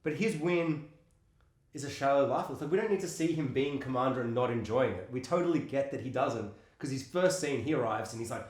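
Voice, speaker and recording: A man's voice: medium pitch, brisk. A man co-hosting a casual podcast about films, talking animatedly, swearing often and acting out lines from scenes. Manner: animated, swears a lot, acts out quotes. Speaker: podcast co-host. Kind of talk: casual film discussion. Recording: roomy echo.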